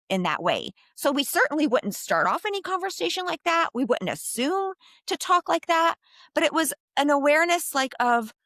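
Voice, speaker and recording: A woman geropsychologist answering interview questions in a thoughtful, animated way, with frequent fillers. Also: fairly high pitch, dry recording, studio quality. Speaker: geropsychologist guest.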